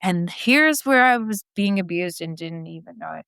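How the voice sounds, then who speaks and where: A woman's voice: lowish voice, moderate pace, creaky, clear, resonant tone, no echo. Candid woman guest, dry close sound. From Canada. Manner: animated, acts out quotes of herself. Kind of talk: candid personal storytelling.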